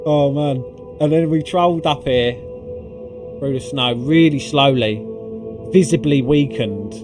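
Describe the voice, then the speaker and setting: Guy chatting through his game run, swears a lot, loud music under him. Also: mid-range voice. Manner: excitable and profane, swearing freely with lots of fillers. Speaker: gaming video creator. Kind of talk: casual gameplay recap commentary. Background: background music.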